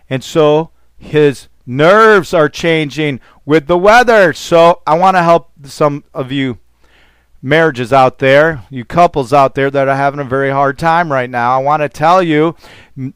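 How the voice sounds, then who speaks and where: A man's voice: fairly high pitch, smooth, no echo. A man preaching as a pastor, fervent and rambling, with call-and-response exclamations to his listeners. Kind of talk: preaching sermon.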